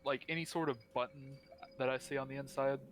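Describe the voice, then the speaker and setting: Dude cracking dry jokes at the table, bit of hiss in the background. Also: male voice, mid-range voice, fairly even intonation, fairly quick. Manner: dry, sweary banter. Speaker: player. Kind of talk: casual tabletop play.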